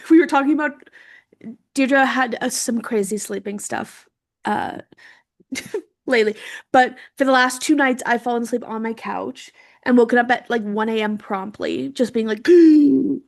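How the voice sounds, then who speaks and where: A bubbly young woman with a fairly high voice co-hosts a podcast. She chats playfully and giggles easily. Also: moderate pace. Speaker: podcast co-host. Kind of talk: casual chat.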